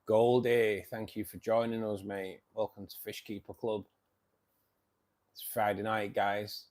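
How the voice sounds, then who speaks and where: A man's voice: lowish voice, level tone, unhurried, darkish tone. A tired man hosting a fishkeeping live stream, chatting casually, reading viewer comments and calling everyone mate. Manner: chatty, says "mate" often, rambling restarts.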